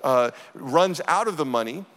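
A man's voice: a little high, expressive, moderate pace, fairly bright tone. A middle-aged man preaching a sermon as a pastor, earnest and emphatic. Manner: earnest, emphatic scripture reading. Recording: church hall reverb.

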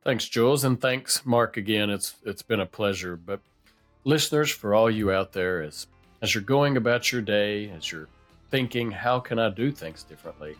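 A man's voice: fairly low pitch, animated, normal speed, fairly bright tone. Man co-hosting, with faint music behind. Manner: playful, joking asides. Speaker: podcast co-host. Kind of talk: casual podcast chat.

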